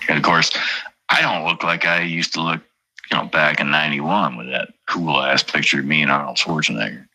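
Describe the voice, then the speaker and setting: A man's voice: a bass voice, fairly even intonation, brisk, pushed and bright, no room sound. A middle-aged man hosting a livestream, rambling and swearing casually while reading out chat names. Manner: profane, rambling, reads chat aloud. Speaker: livestream host.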